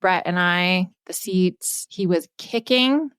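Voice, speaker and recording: A woman with a slightly low voice tells a story on a podcast, frank and animated, and she swears casually. The sound is dry and close, with no room echo. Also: slow pace, clean tone. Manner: candid, swears freely, animated retelling. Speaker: podcast co-host.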